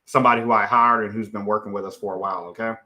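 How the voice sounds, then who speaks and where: Racing along in a lowish, steady voice that sounds pushed and bright, with a little hiss or hum, a man runs a live stream about real estate. Blunt and unfiltered, he clicks around his screens, frequently ending lines with "okay," "guys," or "right."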